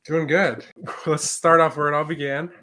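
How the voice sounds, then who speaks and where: A man's voice: a little high, flat delivery, moderate pace, bright, forceful tone. A man hosting a sports interview, asking friendly, conversational questions.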